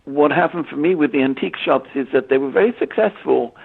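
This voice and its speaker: An English man in his sixties, a medium, answering interview questions in a halting way, often repeating words and using fillers. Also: on the high side, creaky, slightly rough. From England. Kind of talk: conversational interview. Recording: tinny phone-line audio.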